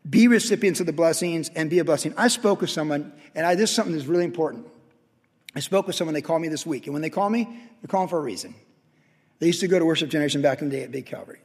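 A man preaching a sermon, telling a story with sudden loud excited peaks between quiet stretches. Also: fairly high pitch, fast talker, breathy edge, big-room sound. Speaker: pastor.

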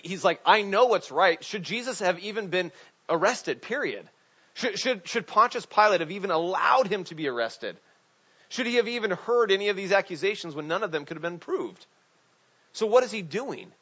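Animated man preaching a casual sermon. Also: high voice, fairly quick. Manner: conversational, animated, many restarts and asides. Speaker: pastor. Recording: dull lo-fi recording.

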